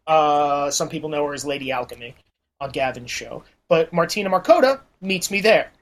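A man's voice: fairly high pitch, moderate pace. A man, a podcast guest, telling a profane story in casual talk and acting out the voices of the people in it. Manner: animated, acts out quoted voices.

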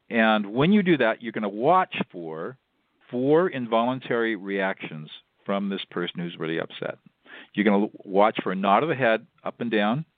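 The speaker is an older man with a lowish voice, a law professor and mediator, guesting on a radio interview. Measured and instructive, he explains step by step and repeats himself. The call comes over a tinny phone line with no room sound.

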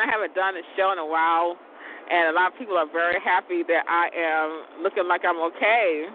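Man, high voice, rambling casual host, laughs a lot, phone-like sound, faint vehicle rumble. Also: brisk. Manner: rambling, laughs often, mild cursing. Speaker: show host.

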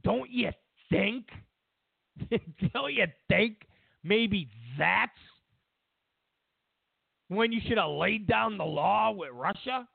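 A man's voice: sits high, slow pace, vocal fry, long pauses, husky, no room sound. A man hosting a talk show, delivering a sarcastic, mocking political rant. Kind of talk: political commentary monologue. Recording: tinny phone-like dry sound.

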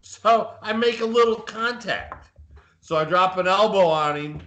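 A man's voice: high-pitched, unhurried, noisy background. A man co-hosting a casual live podcast, a boastful, rambling storyteller who talks up his own toughness. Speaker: podcast co-host.

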